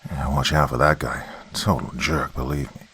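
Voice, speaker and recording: A man voicing a huge, hairy male Bigfoot with a deep, throaty, growling voice, in a horror story reading. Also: level tone, normal speed, sharp tone, breathy edge, no echo, full character voice. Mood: sheepish.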